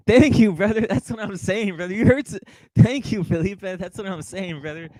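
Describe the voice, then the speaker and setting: Man, boxing show host, profane heated rant, higher voice, dry close sound. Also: fairly quick, a little mellow, no room sound, rough recording. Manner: profane, heated, repetitive, keeps saying "brother". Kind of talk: casual livestream rant.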